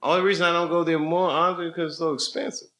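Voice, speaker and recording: A man's voice: a little high, little pitch movement, very fast. A male comedian bantering casually with fans after a show, joking and laughing often. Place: crowded room after a show.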